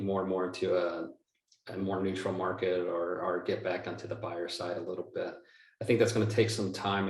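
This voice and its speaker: A man, a real estate investor guest, answering interview questions in a rambling, self-correcting, joking way. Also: deep voice. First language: not from the United States. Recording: roomy, distant mic.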